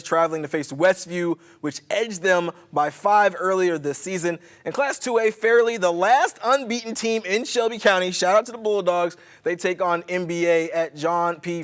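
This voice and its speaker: A man's voice: high voice, normal speed, hardly any pauses, fairly bright tone, smooth. Upbeat teasing male sports co-host. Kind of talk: studio sports talk and preview read.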